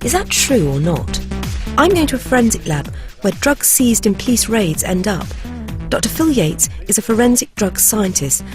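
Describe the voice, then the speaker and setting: A woman's voice: mid-range voice, big pitch swings, moderate pace, over music. A woman presenting a documentary, narrating candidly in the first person and interviewing experts.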